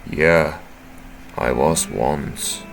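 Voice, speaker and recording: A man's voice: very deep voice, drawn-out words, gravelly, faint music behind, full character voice. A man voicing a brooding male werewolf ex-soldier in a game, speaking curtly and sardonically. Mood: gruff. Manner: curt, sardonic.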